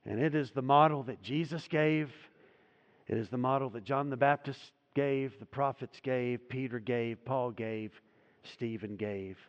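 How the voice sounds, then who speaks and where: A man's voice: mid-range voice, fairly even intonation, unhurried, dull audio. Preaching man in a reverberant church. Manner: preaching with dramatic swells and drops in volume. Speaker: pastor. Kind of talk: sermon. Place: church sanctuary.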